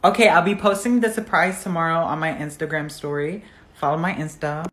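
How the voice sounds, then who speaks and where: A young woman acting out comic sketches, swinging from shy mumbling to loud giggly panic. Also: low-pitched, moderate pace, low-quality recording. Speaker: comedy sketch creator. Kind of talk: comic zodiac sketches playing several characters.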